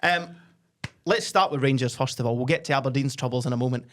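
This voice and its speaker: A Scottish man co-hosting a football podcast, chatting casually with quick, joking banter. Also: medium pitch, fairly bright tone. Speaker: podcast co-host.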